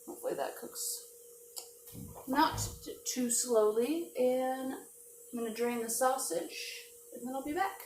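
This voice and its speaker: Woman, home cook vlogger, chatty and self-deprecating; roomy kitchen sound, pan sizzling loudly under her voice. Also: high-pitched, unhurried. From not from the American South. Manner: chatty, self-deprecating, talks while cooking. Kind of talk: casual cooking vlog. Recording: echoey kitchen with frying noise.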